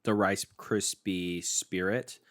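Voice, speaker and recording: A man's voice: low-pitched, steady tone, slow, fairly bright tone. A young man co-hosting a casual food-tasting podcast, joking around, interrupting and slipping into silly bits as he reviews snacks. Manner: playful, jokey, interrupts, slips into silly bits. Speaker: podcast co-host.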